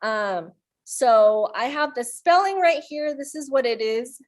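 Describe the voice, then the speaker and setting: A woman's voice: high voice, animated, unhurried. A woman leading a children's storytime, reading aloud and playfully making animal sounds with the kids. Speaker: children's librarian.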